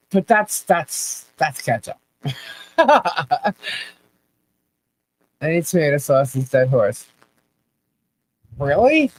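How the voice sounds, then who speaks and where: A woman with a lowish voice hosts a casual live chat over poor audio. Reading viewer comments, she laughs often, asks baffled questions, and repeats herself.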